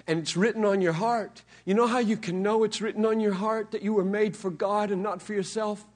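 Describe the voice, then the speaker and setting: A man preaching a sermon to students from a pulpit, swinging between loud, pleading emphasis and hushed, near-whispered lines. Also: high voice. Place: pulpit in a large hall.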